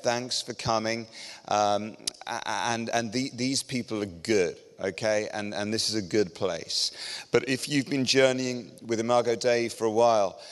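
A middle-aged man with an English accent delivers a sermon to a church congregation. His voice is smooth and clear, and his manner is lively and self-deprecating. The sound carries a long reverb from a large church hall. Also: on the low side. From England. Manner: self-deprecating, joking and energetic. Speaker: guest preacher.

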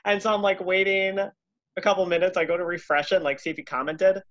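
Profane, animated woman telling a story. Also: lowish voice, fairly quick, dry recording, highs cut off. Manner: profane, animated, self-mocking. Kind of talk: casual anecdote.

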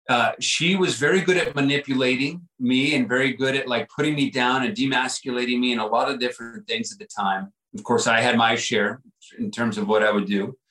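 A man's voice: medium pitch, a bit bright, echoey room, low-quality recording. A man guest on a podcast, telling a personal story in an earnest, reflective way, often repeating himself and saying "like" and "right?".

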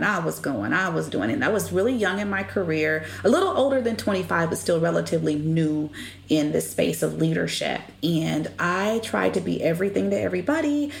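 A middle-aged woman telling stories as an interview guest, animated and expressive. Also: lowish voice, fairly quick, gravelly. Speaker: guest, business leader. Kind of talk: conversational interview storytelling. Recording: echoey room with faint background noise.

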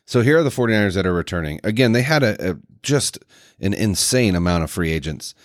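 A man co-hosting a sports podcast, breaking down signings in a rambling, energetic way. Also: lowish voice, quick pace, no room sound, clean studio sound. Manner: energetic, rambling analysis with restarts. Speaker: podcast co-host. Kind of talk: casual sports talk.

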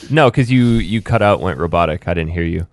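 Gravelly low-voiced man. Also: lively intonation, fairly quick, dry recording. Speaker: podcast co-host. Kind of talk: casual chat over a call.

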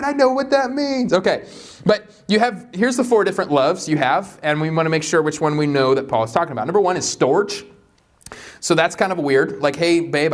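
A man in his thirties preaching a sermon, animated and joking, his voice jumping up high in playful asides. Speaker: pastor.

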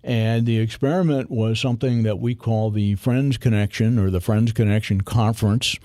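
Mellow-voiced podcast host, man in his 60s, rambly with fillers, dry close sound. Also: lowish voice, steady tone, normal speed, dry recording. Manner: rambling, many fillers and restarts. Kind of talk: casual podcast chat.

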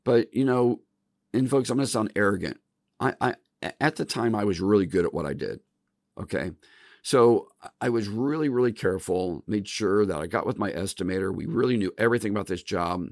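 A man's voice: lowish voice, animated, a little fast, no echo, studio quality. A middle-aged man hosting a podcast, telling work stories in a folksy, casual way and calling his listeners "folks.". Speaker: podcast host. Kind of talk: casual storytelling monologue.

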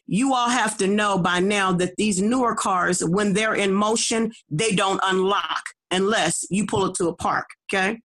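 Recounting her personal testimony as a guest, a middle-aged woman evangelist speaks with an average-pitched voice and a forceful, emphatic delivery. She stumbles, restarts and repeats words often, and keeps turning to listeners with a quick "okay?".

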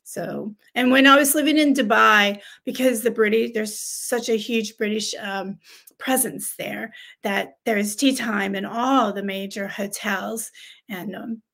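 A woman's voice: mid-range voice, fairly even intonation, unhurried, creaky, a bit bright. An American woman co-hosting a casual talk show, chatty and bubbly, laughing often and trailing off into fillers. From United States. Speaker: co-host. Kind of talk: casual chat show conversation.

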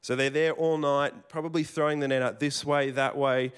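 A man's voice: mid-range voice, steady tone, moderate pace, smooth. A man preaching a sermon in a conversational storytelling way, with casual restarts and asides. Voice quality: plain working tradesman's speech.

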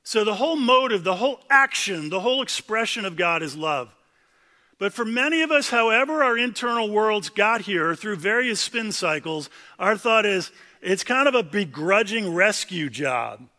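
Pastor guy preaching in a church, talks kinda high, lots of reverb, chatty asides. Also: expressive, normal speed, bright, forceful tone. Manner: conversational, plain-spoken preaching with asides. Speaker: senior pastor. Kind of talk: sermon.

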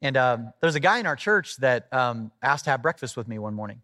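A middle-aged man preaching a sermon, telling a personal story in a conversational, animated way and acting out the voices of the people in it. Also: mid-range voice, fairly quick, dry recording, clean studio sound. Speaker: pastor.

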